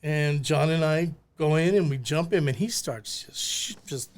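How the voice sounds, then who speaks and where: A man's voice: a little high, measured pace. An older man, a former bail bondsman, telling stories in a casual podcast chat and acting out the voices of people in them. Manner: animated, acts out voices in his stories.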